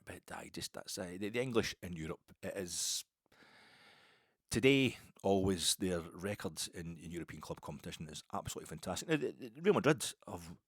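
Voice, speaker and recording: A man's voice: sits low, animated, brisk, breathy edge, no room sound. A man hosting a podcast, talking in a rambling, chatty, wry way with many asides and restarts. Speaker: podcast host. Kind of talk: casual football podcast monologue.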